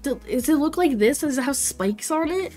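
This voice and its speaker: A woman's voice: high voice, expressive, normal speed, darkish tone, soft background music. A woman in her twenties chatting casually and bubbly with viewers while streaming a game, laughing often. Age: 20s. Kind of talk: casual livestream chat while playing.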